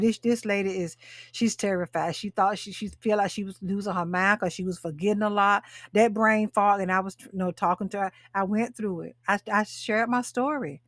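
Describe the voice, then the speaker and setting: This sixty-something talk show host and women's coach speaks in a mid-range voice on a live show, picked up by a webcam or phone mic yet sounding studio quality with no room sound. Her delivery is emphatic, with repeated phrases and direct calls to her viewers.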